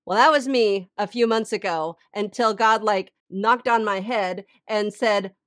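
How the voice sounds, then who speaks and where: Chatty Christian coach, dry close sound. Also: female voice, mid-range voice, a little slow, few pauses, no echo. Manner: chatty, animated storytelling with many "like"s. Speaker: Christian life coach and podcast host. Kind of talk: casual faith podcast monologue.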